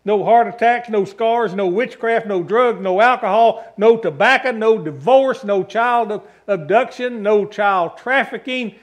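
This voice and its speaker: A man's voice: high-pitched, measured pace, few pauses. A man, a pastor preaching a sermon in church, building emphatic lists and calling for amens. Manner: emphatic preaching with long repeated lists and calls for amen. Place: church sanctuary.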